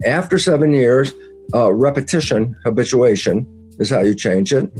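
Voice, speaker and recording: Guy talking in an interview, mid pitch, acts out quotes real animated, faint music in the back. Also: normal speed, slightly rough. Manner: animated, acts out his own quoted dialogue. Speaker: interview guest. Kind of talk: explaining ideas in conversation.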